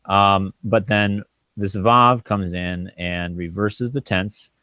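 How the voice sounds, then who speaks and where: Male Bible Hebrew teacher, lowish voice, dry close sound, informal and halting, sounds out words slowly. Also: fairly even intonation, sharp tone, clean tone, no echo. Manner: thinking aloud, halting with frequent ums and restarts.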